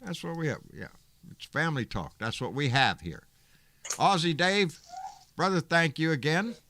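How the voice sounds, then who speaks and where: A folksy Texan man hosting a live call-in chat, talking loose and relaxed. His voice is bright and forward, with a faint hiss behind it. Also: on the high side, normal speed. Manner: relaxed, folksy, laughs and swears easily. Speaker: host. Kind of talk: casual chat on a live online show.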